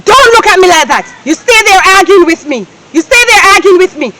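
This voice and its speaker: An actress with a Jamaican accent playing a bossy, scornful wife who scolds and shouts at her household. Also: extremely high pitch, very animated, brisk. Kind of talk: comedy skit acting. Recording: loud background noise.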